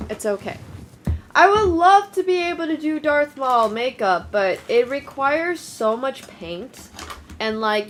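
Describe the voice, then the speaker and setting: A woman's voice: high voice, a bit bright, a little hiss or hum. Congested woman chatting on a live stream. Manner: chatty, rambling, thanks viewers. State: congested, voice shaking. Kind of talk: casual live-stream chat.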